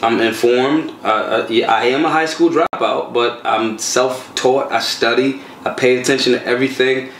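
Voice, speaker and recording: A man talks in loose, slangy, animated stories, his mid-pitched voice bouncing around a reverberant room. A soft hum of ambience sits underneath. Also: normal speed, few pauses. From Philadelphia. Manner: animated, streetwise storytelling with slang. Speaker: guest, gun rights activist. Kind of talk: casual conversational interview.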